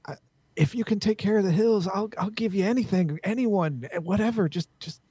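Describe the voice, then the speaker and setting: A man's voice: high voice, moderate pace, mellow, husky, dry recording. A man voicing a nervous, frightened middle-aged mayor who stammers. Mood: desperate. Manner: stammering, fearful.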